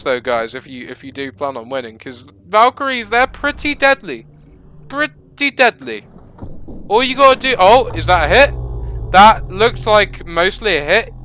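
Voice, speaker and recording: Guy yelling along at a game battle, bright, kinda high, rambly and jokey. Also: poor audio. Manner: excitable, rambling and self-deprecating. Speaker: gaming YouTuber. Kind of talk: gameplay commentary.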